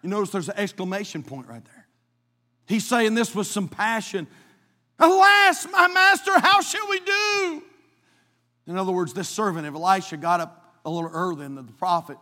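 A male pastor preaching a dramatic sermon, swinging from hushed tones to shouting, in a church sanctuary. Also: high-pitched, brisk, in a large hall.

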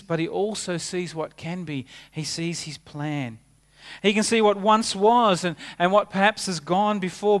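A man preaching a sermon, earnest, rising for emphasis and dropping to a hushed tone. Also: high-pitched.

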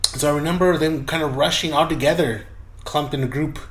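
A man's voice: fairly high pitch, steady tone, a little fast, a bit bright. A man telling a personal story in a casual, loose way, full of swearing, who acts out the voices of the people in it. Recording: roomy echoey room.

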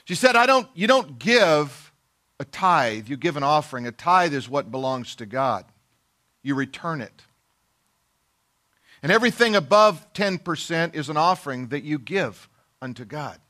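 A middle-aged man preaches with a high, bright voice. He tells a personal story in a folksy, self-deprecating way and slips into the voices of the people he quotes. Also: sing-song, measured pace. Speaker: pastor. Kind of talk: sermon storytelling.

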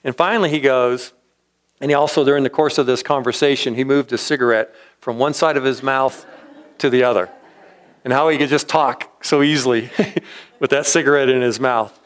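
A man spinning a yarn in a relaxed, rambling way, chuckling often and slipping into the voices of people he met. His voice sits at an ordinary middle pitch. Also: moderate pace. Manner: rambling, chatty, chuckles often, acts out quotes. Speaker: storyteller. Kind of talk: casual spoken storytelling.

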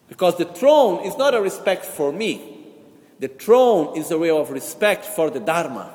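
A male Buddhist teacher speaks in a fairly high voice that leaps up and down as he tells stories and acts out what people said. His English is slightly non-native. A long reverb from the hall trails behind every phrase. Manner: animated storytelling with acted-out quotes. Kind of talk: Dharma teaching.

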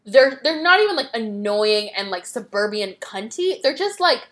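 A woman hosting a podcast, retelling a movie plot in casual, quick chat and acting out the characters' lines. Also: fairly high pitch. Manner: animated, quick retelling with acted-out quotes. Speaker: podcast host.

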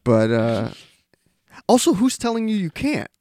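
Podcast dude teasing his buddy, mid voice, pretty animated. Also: high voice, a little slow, a little hiss or hum. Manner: teasing, wry, laughs often. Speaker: podcast co-host. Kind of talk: casual chat.

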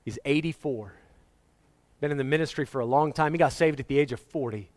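Male preacher, fairly high voice, animated storyteller who acts out the voices of the people he quotes. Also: a little fast. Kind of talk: sermon with personal stories.

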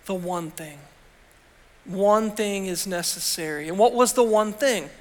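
A man preaching in a church with a notably high-pitched voice. He talks to the congregation in a conversational way, asking rhetorical questions as he goes. His voice rings with a long reverb from the large hall. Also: a little slow. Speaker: pastor. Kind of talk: sermon. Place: church sanctuary.

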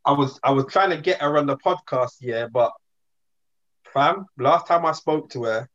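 A man's voice: a little high, moderate pace, a bit bright, lo-fi sound. A man, chatting in a laid-back, slangy way as a podcast co-host. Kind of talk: casual chat.

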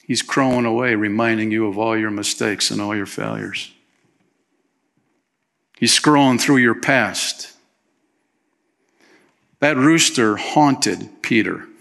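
A man's voice: fairly low pitch, slow pace, gravelly, pauses often, fairly bright tone. A male pastor preaching a sermon in a conversational way, often tossing in "man" and acting out quotes. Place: church.

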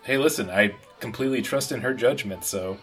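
A man's voice: mid-range voice, brisk, fairly bright tone, faint music behind. A man playing a tabletop role-playing game, answering in character in a wry, joking way. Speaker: player. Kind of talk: casual in-character play.

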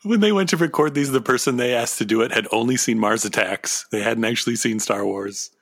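A man's voice: medium pitch, fairly quick, creaky. A man co-hosting a casual comedy chat, joking, riffing and laughing often. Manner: joking, laughs often, riffs on absurd ideas. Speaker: podcast co-host.

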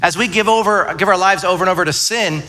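Man pastor, sermon, bright voice, fairly high pitch, chatty storytelling, church. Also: fast. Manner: conversational storytelling, self-deprecating. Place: church sanctuary.

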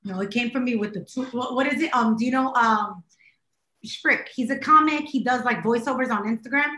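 A high-voiced woman co-hosts a casual podcast while a bit under the weather. She tells her stories in an animated way and laughs often. Her voice rings in a roomy, echoey space. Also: brisk. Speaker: podcast co-host. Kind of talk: casual chat.

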